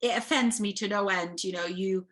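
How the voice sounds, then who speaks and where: In an interview, a woman who works as a casting director speaks candidly with a Serbian accent, often using fillers and starting over. Her voice is medium-pitched and a bit bright, at a normal speed.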